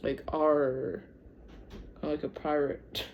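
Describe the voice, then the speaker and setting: A host with a Michigan accent reads a history piece aloud at an unhurried, slow pace. The delivery keeps stumbling over names and numbers and drifting into chatty side remarks. It is casual and unpolished, in the manner of a home video. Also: medium pitch, fairly even intonation, highs cut off, slight background noise. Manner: stumbles over words, gets sidetracked, chatty. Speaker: channel host.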